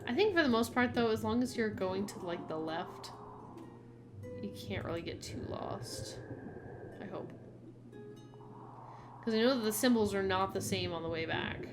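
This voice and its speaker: A woman's voice: mid-range voice, animated, moderate pace, long pauses, over music. A woman giving casual commentary while playing a game, chatty and musing aloud. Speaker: gameplay streamer. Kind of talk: casual let's-play commentary.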